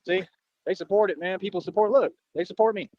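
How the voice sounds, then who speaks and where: A man's voice: sits high, fast talker, darkish tone, dry recording, dull audio. A man rambling on at length, boastful and earnest, repeating himself often, with a way of talking. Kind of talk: rambling street monologue.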